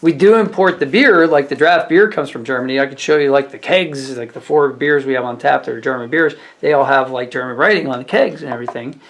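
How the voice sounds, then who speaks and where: A man, a restaurant waiter, telling stories from his shift in a rambling, casual way, full of fillers and growing animated. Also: medium pitch, a little fast, few pauses. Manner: rambling, filler-heavy retelling that grows animated. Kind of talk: casual storytelling vlog.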